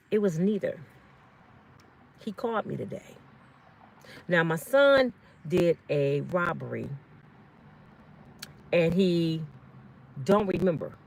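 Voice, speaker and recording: A woman's voice: lowish voice, vocal fry. Earnest, pleading middle-aged woman. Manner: earnest, pleading, repeats herself. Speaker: vlog host. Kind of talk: emotional personal storytelling.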